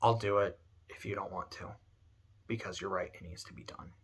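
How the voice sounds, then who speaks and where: A man voicing a grim young male hero who speaks in a flat, resolved way. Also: low voice, moderate pace, husky, voice pushed down.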